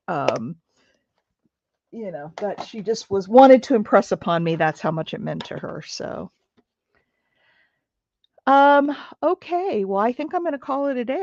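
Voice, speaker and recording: A woman's voice: mid-range voice, gravelly, a little mellow, muffled recording. A middle-aged woman telling a story while she crafts on a livestream, chatty and rambling with lots of fillers and asides.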